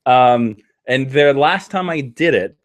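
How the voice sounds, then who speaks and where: A man hosting a live stream, his pitch swinging up and down freely as he talks. He rambles and hesitates and fills his pauses with ums, in a loose, casual chat. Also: animated, muffled recording.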